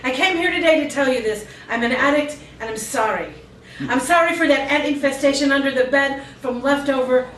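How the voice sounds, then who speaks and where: A woman's voice: high voice, a bit bright, slight background noise. A woman reading her poetry aloud at a live cafe open mic, moving between intense, rhythmic performance and chatty asides. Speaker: featured poet. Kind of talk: spoken-word poetry reading. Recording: echoey room recorded from a distance.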